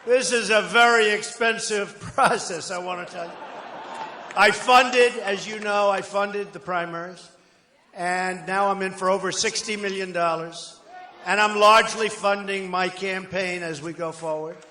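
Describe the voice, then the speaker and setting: An older man giving a rambling, boastful campaign rally speech, conversational with sudden loud bursts. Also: sits high, steady tone, a little slow, a little hiss or hum. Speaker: political candidate at a rally. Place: large outdoor rally crowd. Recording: echoey rally PA with crowd ambience.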